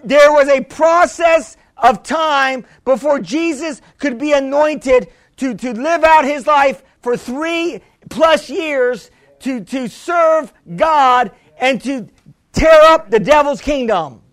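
Here a man with a very high voice delivers a sermon at a slow pace. His fervor builds into shouts before easing to a conversational tone, with many restarts and appeals to the congregation.

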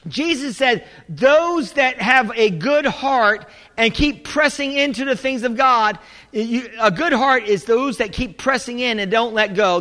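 A male pastor preaching a sermon in an animated, humorous way, calling out to his congregation. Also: extremely high pitch. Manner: animated, humorous preaching with audience call-and-response. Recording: echoey hall.

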